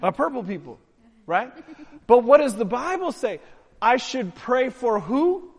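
A man's voice: very high-pitched, big pitch swings, a little slow, husky, long reverb tail. A man preaching a sermon to his church, joking with the congregation and drawing them in. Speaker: pastor. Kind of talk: sermon with audience participation. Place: church sanctuary.

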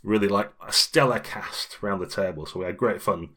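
A man's voice: on the low side, brisk, fairly bright tone. A middle-aged British man co-hosting a role-playing podcast, chatting casually and rambling with frequent laughs. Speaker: podcast co-host.

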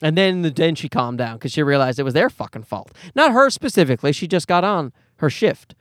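A man's voice: on the high side, big pitch swings, brisk, fairly bright tone, no echo, studio quality. A young man from Canada hosting a podcast, telling a rambling, profane story in casual monologue. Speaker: podcast host.

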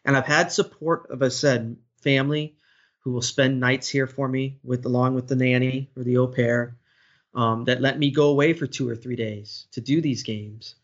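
A man's voice: medium pitch, steady tone, moderate pace. A man in his thirties, a sports broadcaster, speaking earnestly in a podcast interview and telling a personal story with many restarts. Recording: dull lo-fi audio.

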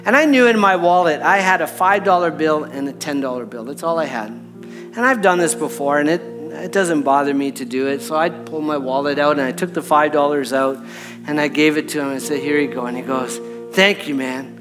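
Over music, a middle-aged pastor tells a personal story in a conversational way, checking in with the audience by repeating "right?" His voice is on the high side and fairly quick.

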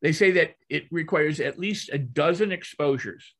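Speaking at a normal speed in a creaky, somewhat high voice, an older guest trainer and hypnotist teaches through storytelling. His delivery is lively and conversational, with phrases repeated as the stories build.

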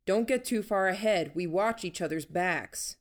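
A woman narrator voicing a cautious, practical man who keeps a group together, in a calm measured way. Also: low-pitched. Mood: calling out.

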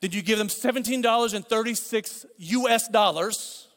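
A man's voice: sits high, normal speed, a bit bright. A middle-aged man preaching a sermon as pastor, conversational, with repeated phrases and asides. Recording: long hall reverb.

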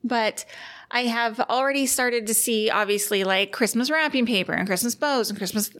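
Chatty woman with a high-ish voice. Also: a bit bright. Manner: chatty, quick reactions and asides. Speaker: podcast co-host. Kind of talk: casual chat.

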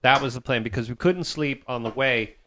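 Man, mid pitch, lively storyteller who acts out the dialogue, casual podcast chat. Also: a little fast, a little hiss or hum. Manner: animated storyteller, acts out quotes, swears. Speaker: band member telling tour stories.

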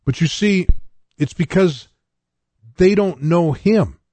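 A man's voice: sits high, takes it slowly, dark tone, no echo. An older man from North Dakota preaching a radio sermon, telling his own testimony and reading scripture in an earnest way.

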